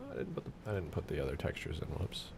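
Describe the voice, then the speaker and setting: A young man with a deep, low voice chatting loosely on a live stream, half talking to himself and half joking with viewers. Faint noise hums behind him. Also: quick pace, vocal fry. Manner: jokey, talks to himself and chat while working. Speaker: streamer modding a video game. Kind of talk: casual live-stream commentary.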